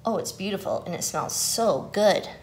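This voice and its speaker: A greedy storybook pig who pouts and gobbles everything up, as a woman reading aloud puts him on. The voice bounces with a lively pitch. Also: normal speed, a little hiss or hum, close to an everyday voice. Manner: pouty, greedy. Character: greedy, pouting pig who loves to taste food.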